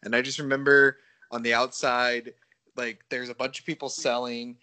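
Man, bright forceful tone, dry close sound, casual podcast chat, animated storyteller, swears. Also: medium pitch, moderate pace, no room sound.

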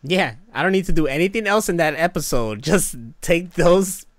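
A man hosting a casual chat, laughing easily and trailing off quietly at the ends of thoughts. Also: a little high, lively intonation, normal speed, dry recording, clean studio sound.

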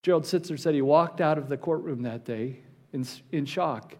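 High-voiced male pastor preaching. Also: darkish tone. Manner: reads scripture aloud with rising intensity, slows for emphasis. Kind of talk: sermon.

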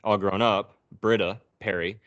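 A man's voice: lowish voice, steady tone, unhurried, dull audio, music in the background. A man hosting a podcast, recapping a movie's plot in a sarcastic, profane storytelling manner. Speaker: podcast host.

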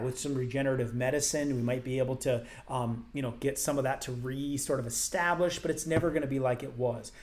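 A man's voice: mid-range voice, a little mellow. Emphatic man explaining health questions. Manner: conversational, explanatory, emphatic repetition. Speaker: health show host answering viewer questions. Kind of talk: casual Q&A.

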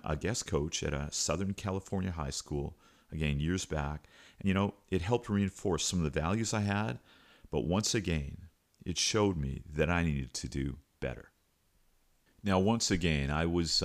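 A middle-aged man from Canada, a podcast host and coach, telling a story in a relaxed, conversational way with frequent fillers and restarts. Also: sits low. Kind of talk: storytelling monologue.

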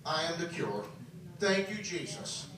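A high-pitched man preaches with emphatic force, often checking in with his listeners. His voice comes from some way off the microphone in a very echoey hall. Faint noise hums underneath. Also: sing-song, a little slow, far from the mic, crowd noise. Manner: emphatic, questions the congregation. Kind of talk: sermon. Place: camp meeting hall.

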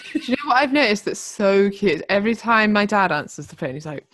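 A young woman, co-hosting a casual podcast chat, chatty and quick to laugh. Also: mid-range voice, fairly bright tone. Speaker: podcast co-host.

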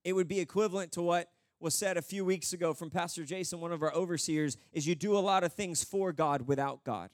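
Animated high-voiced preacher. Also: male voice, a little fast, few pauses, dry recording, studio quality. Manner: animated storytelling, acts out voices. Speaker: pastor. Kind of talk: sermon.

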